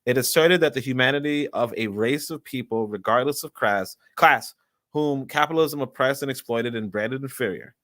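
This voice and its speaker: A man reads a book aloud at a halting pace, correcting himself and stopping for chatty asides. His voice sits at an ordinary middle pitch. The sound is dry and close to the mic. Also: a bit bright, no room sound. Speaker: channel host reading a book aloud. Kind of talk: casual live reading with asides.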